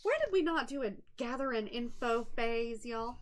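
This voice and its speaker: A woman's voice: fairly high pitch, lively intonation, moderate pace. A young woman player at a tabletop game, joking and drawling casually.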